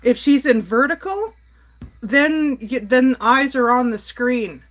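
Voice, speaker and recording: An adult Canadian woman rants on a casual livestream, reading her chat and answering it in an exasperated, blunt way. Her voice sits high and is fairly bright, and she speaks slowly.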